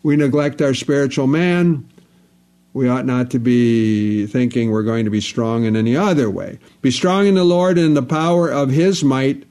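A man's voice: mid-range voice, normal speed, dark tone. A man preaching a sermon, stressing points by restating phrases over and over. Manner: repetitive, emphatic, restates phrases.

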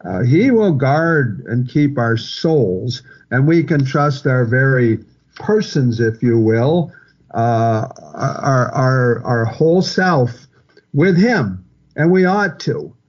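A man preaching a sermon, quoting and repeating scripture in a measured, earnest way. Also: mid-range voice, lively intonation, lo-fi sound. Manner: slow, repetitive preaching with scripture quotes.

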